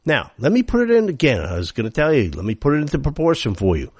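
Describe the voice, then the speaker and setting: Brief: male talk radio host, sarcastic and heated, very lively pitch, dry studio sound. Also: quick pace, breathy edge, dry recording. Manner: heated, sarcastic, rhetorical questions. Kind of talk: opinionated talk radio monologue.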